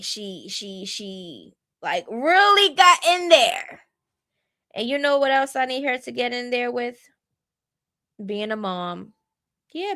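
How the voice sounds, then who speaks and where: A young woman vlogger giving casual gossip commentary, chatty and drawn-out, with frequent ums and asides of "child". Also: high-pitched, a bit bright.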